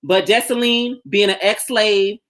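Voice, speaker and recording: A woman co-hosting a casual book discussion, telling history in a lively, profane way. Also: mid-range voice, measured pace. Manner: animated, profane storytelling with acted-out voices. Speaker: podcast co-host.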